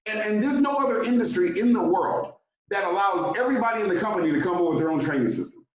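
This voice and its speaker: Male interview host, lively storyteller, slightly high voice; echoey room, distant muffled mic. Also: fast. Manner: animated storyteller, acts out quotes.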